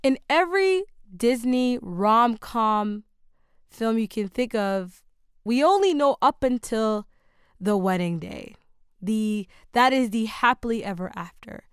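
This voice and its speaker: Young female podcast host, earnest and halting; dry studio voice. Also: fairly high pitch, lively intonation, clean tone, dry recording. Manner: earnest, halting restarts, rising with emphasis. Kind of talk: casual faith-centered conversation. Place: dark studio.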